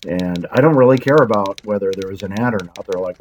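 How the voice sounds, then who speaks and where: Very deep-voiced woman rambling casually. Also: lively intonation, quick pace, a little mellow, slight background noise, low-quality recording. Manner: self-deprecating, wandering, frequent asides; blunt, occasionally swears. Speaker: channel host.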